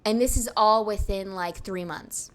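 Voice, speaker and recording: Young woman, casual podcast co-host, animated storyteller, filler-heavy. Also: mid-range voice, measured pace. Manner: animated, laughs often, many fillers.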